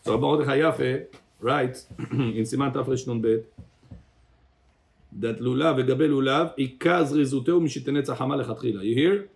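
Rabbi guy teaching a torah class, gravelly voice, keeps quizzing people by name. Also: medium pitch, normal speed. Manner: calls on listeners by name, quizzes them; switches between English and Hebrew phrases.

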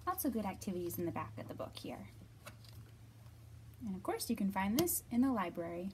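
A woman librarian leading a children's storytime, reading aloud in an expressive, bright manner and acting out the quoted lines. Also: mid-range voice, slight background noise.

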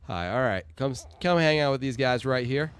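A man hosting a custom game mode in casual, excited commentary, shouting when rounds get tense. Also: medium pitch, fairly quick, clean tone, dry recording. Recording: music playing behind.

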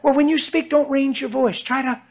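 A man preaching an unscripted sermon in an excitable, colloquial way, bursting with passion, on a clip-on microphone in a church hall. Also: extremely high pitch, normal speed.

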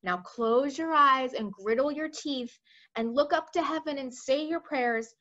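A woman's voice: high-pitched, a little slow, voice pushed up. A woman doing the BFG, a kindly jumbled-talking giant. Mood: urgent. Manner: jumbled made-up words, gentle but urgent. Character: kind, clever big friendly male giant. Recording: dull lo-fi recording.

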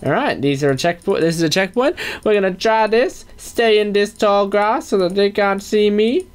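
A man chatting excitedly through a let's-play video, joking as he goes. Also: sits high, normal speed, smooth. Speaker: gaming video creator.

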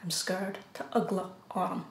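A woman with an Irish accent teaching a beginner language lesson, saying each phrase slowly, repeating it, then giving the English. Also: on the low side, flat delivery, creaky. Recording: echoey room.

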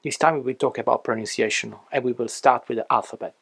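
A man's voice: medium pitch, fairly even intonation, fast talker, gravelly, fairly bright tone, breathy edge. A man teaching a language lesson, carefully spelling out letters and reading example words one by one.

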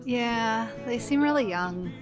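A woman's voice: a little high, expressive, slow, over music. A woman co-commenting on a game in casual chat, making wry, skeptical remarks. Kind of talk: casual let's-play chat.

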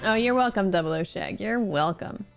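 A woman's voice: mid-range voice, expressive, moderate pace, soft background music. A woman streaming a party game, chatting with friends in a jokey, giggly way. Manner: giggly, jokey, breaks into mock voices. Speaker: streamer host. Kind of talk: casual game chat on voice call.

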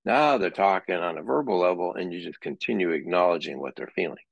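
A man's voice: deep voice, quick pace, gravelly, no room sound, muffled recording. A middle-aged man teaching a psychology class in a conversational way, sometimes acting out example dialogue. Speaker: psychology lecturer. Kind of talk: classroom lecture.

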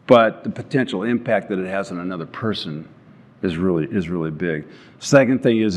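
At an event, an older man who founded a company tells stories on stage in earnest, frequently restarting his words. His voice sits low and moves a little fast, with long hall reverb around it.

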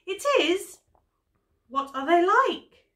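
A woman's voice: high-pitched, lively intonation, slow pace, pushed and bright, voice pushed up, heavily acted. A woman voicing a kindly male bear in a storybook who grows nervous and stammers. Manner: kindly, then jittery and stammering.

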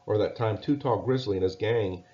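A man's voice: fairly low pitch, normal speed, warm tone, close to an everyday voice. A man voicing a downcast young boy bear who asks questions, reading a storybook aloud. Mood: questioning. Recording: dull lo-fi recording.

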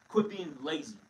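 A man's voice: a little high, slight background noise. A man teaching scripture in a blunt, emphatic way, often calling listeners "man", recorded from a distance.

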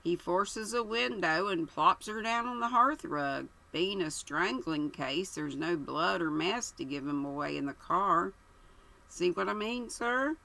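A woman voicing a placid, tactful middle-aged police superintendent who lays out his theory in a measured way. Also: on the low side, gravelly, exaggerated voice, poor audio. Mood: reasoning. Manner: calm, measured, deferential.

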